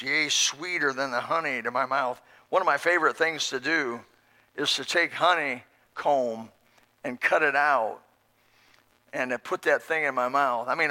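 A middle-aged male preacher with a strikingly bright, keen tone and a fairly high voice. He preaches in a folksy, emphatic way, driving points home through repetition. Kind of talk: sermon.

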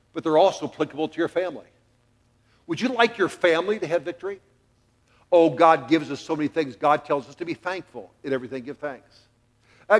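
Animated joking preacher man. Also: sits high. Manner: animated, jokey, acts out quotes. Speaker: pastor. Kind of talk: sermon with storytelling. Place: church.

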